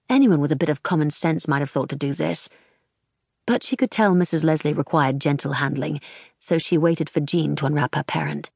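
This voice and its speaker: Low-voiced woman reading a story. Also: brisk, creaky, darkish tone, slightly rough, dry recording, studio quality. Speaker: audiobook narrator. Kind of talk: scripted narration.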